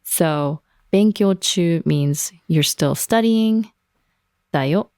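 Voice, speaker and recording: Japanese teacher, female, mellow gravelly tone, laughs easily, dry studio sound. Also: fairly low pitch, no echo. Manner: explains words slowly, laughs often. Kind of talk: language lesson podcast.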